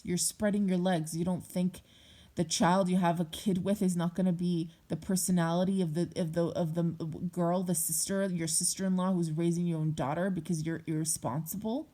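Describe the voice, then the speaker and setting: A young woman talks straight to her viewers in a personal vlog, heated and blunt, with frequent swearing. Her voice sits a little low. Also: dark tone. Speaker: vlogger. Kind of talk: personal monologue to camera.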